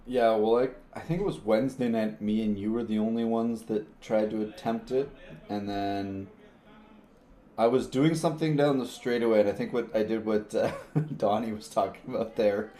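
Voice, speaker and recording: A man's voice: fairly low pitch, normal speed, mellow. A man co-hosting a casual podcast, laughing and stumbling through his restarts. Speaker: podcast co-host. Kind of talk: casual chat. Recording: roomy with faint noise.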